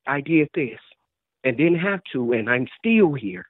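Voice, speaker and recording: A man in his forties calling in to a show, speaking haltingly and repeating words as his voice rises with emotion. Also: mid-range voice, expressive, no room sound. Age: 40s. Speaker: caller. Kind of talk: emotional phone call to a show. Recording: tinny dry phone line.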